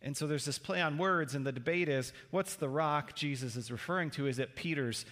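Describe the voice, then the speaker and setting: Pastor guy preaching, kinda high voice, asks the crowd stuff a lot, long church echo. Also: a little fast, fairly bright tone. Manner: conversational, asks the listeners questions. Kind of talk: sermon.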